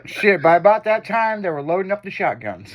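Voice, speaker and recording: A man's voice: sits high, big pitch swings, brisk, lo-fi sound. A man hosting a casual radio chat, teasing his guest and prompting him with questions.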